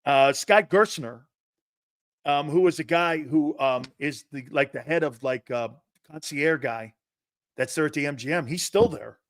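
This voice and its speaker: A man's voice: a little high, measured pace, dry recording, clean studio sound. A man in his fifties hosting a sports talk show, telling rambling anecdotes with restarts and the odd curse word. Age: 50s. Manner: rambling, digressive, with restarts and profanity. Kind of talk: casual anecdotal storytelling monologue.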